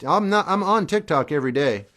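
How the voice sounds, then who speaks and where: A man's voice: fairly high pitch, animated, fairly quick. A middle-aged man hosting a livestream, reading viewer questions aloud and answering them briefly in an offhand way. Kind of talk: casual livestream chat between songs. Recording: acoustic guitar playing behind the voice.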